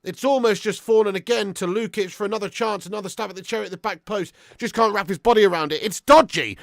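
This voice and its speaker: A man hosting a live football watch-along, commentating on play and chatting with viewers. He swears a lot and swings between excited shouting and flat grumbling. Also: high voice, fast, vocal fry, few pauses, no room sound, studio quality. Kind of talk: live match commentary and fan chat.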